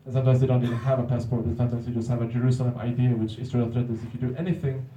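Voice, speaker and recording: Dark-voiced man telling stories. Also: medium pitch, little pitch movement, rapid-fire, a little hiss or hum. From Sweden. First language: Swedish. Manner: amused, often laughs, acts out other people's lines. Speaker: speaker at a public talk. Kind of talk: anecdotal storytelling. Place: hall at a museum talk. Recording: roomy, distant, dull hall recording.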